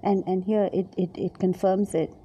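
A woman giving a devotional Bible reflection, speaking gently and haltingly, repeating her words and dropping now and then to a soft whisper. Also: medium pitch, flat delivery, slight background noise. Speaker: Bible teacher.

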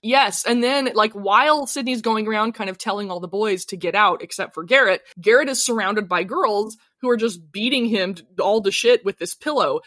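A woman co-hosting a podcast, telling the episode's story in a casual, expressive, often laughing way. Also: mid-range voice, normal speed, few pauses, dry recording, studio quality. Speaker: podcast co-host. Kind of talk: casual recap chat.

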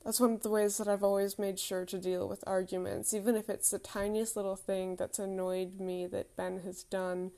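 A woman's voice: mid-range voice, little pitch movement, normal speed, few pauses, warm tone. A woman in her thirties telling a candid, reflective personal story with self-deprecating humour.

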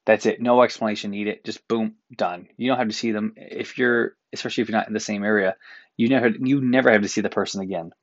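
A man's voice: lowish voice, steady tone, quick pace, no echo, muffled recording. Profane, exasperated man ranting. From Newfoundland, Canada. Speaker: podcast host. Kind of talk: casual solo podcast rant. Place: apartment room.

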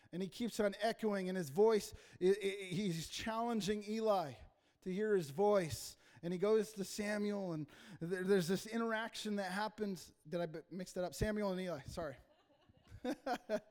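High-voiced preaching man in a reverberant hall. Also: a little mellow. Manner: impassioned preaching, rising and falling in volume. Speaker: pastor. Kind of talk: sermon.

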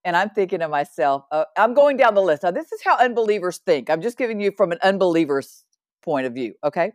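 A woman in her sixties, a podcast guest, sharing an earnest personal faith testimony in an animated way. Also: mid-range voice, brisk, no echo, studio quality. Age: 60s. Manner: animated and earnest, with laughs and asides.

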